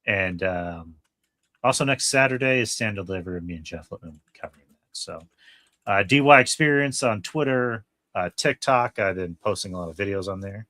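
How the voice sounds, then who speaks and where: A man's voice: fairly low pitch, moderate pace, pushed and bright, dry recording. A man hosting a casual podcast, rambling along with plenty of fillers and restarts. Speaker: podcast host.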